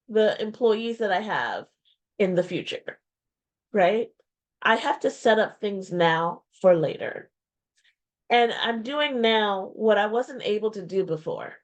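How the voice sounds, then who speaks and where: A woman in her forties, a small business owner, talks candidly into a webcam. She is reflective and heartfelt, pausing often and repeating phrases. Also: medium pitch. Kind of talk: candid personal vlog talk. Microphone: webcam or video-call mic.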